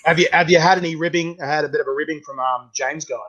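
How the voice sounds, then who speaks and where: A man hosting a casual interview, chatty and quick to laugh. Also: fairly high pitch. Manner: chatty, laughs often, acts out quoted voices. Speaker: podcast host. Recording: slightly dull, lo-fi sound.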